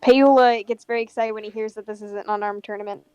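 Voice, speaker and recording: A woman's voice: mid-range voice, steady tone, fast, a little mellow, clear, resonant tone, faint music behind. A woman playing a tabletop game, joking in brash, swearing banter. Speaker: player. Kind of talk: casual tabletop play.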